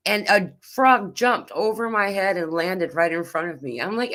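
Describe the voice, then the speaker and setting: A woman's voice: lowish voice, lively intonation, a little slow, hardly any pauses, a bit bright. A woman hosting a casual chat, telling anecdotes in a friendly, agreeable way and laughing often. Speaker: host.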